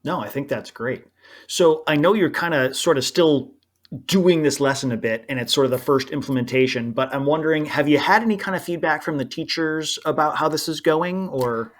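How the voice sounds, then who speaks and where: A woman's voice: low-pitched, moderate pace. A woman podcast host interviewing a guest, affirming her answers and asking follow-up questions.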